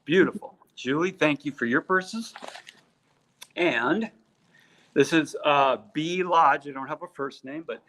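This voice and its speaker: A middle-aged man with a voice a bit above the usual male pitch talks in a casual live-stream manner. He reads names and thanks people, cracking small jokes and filling gaps with "uh" and "you know.". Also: a little slow, a bit bright. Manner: chatty, joking, many fillers. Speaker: co-host reading out purse makers' names.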